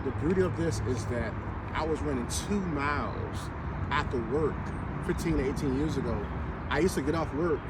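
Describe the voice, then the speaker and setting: In very noisy audio, a man with a voice on the high side walks outdoors on a route with trees, filming an upbeat wellness vlog. He's a health and wellness vlogger casually encouraging his viewers.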